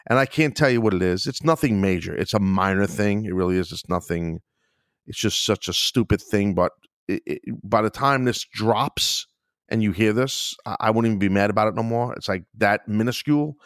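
A man's voice: lowish voice, moderate pace, dry recording, clean studio sound. A man hosting his own podcast, talking in a frustrated, agitated way, swearing and sighing often. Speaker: podcast host. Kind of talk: casual solo podcast rant.

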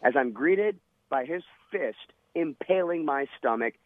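A man's voice: a little high, animated, unhurried, no room sound. A man, a former Navy SEAL, telling a vivid, dramatic story in an interview. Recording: tinny phone-line sound.

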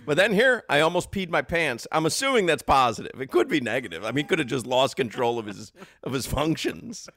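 Male host, high-ish voice, loose rambling banter, laughs a lot. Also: sing-song, fairly bright tone. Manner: laughing, halting and self-correcting. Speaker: radio show host. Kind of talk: casual sports radio banter.

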